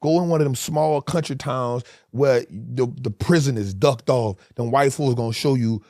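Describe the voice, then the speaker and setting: A man's voice: mid-range voice, fairly quick, few pauses, a little mellow, no echo, studio quality. A man in his forties, a guest telling hard stories in a candid interview, emphatic and full of street slang.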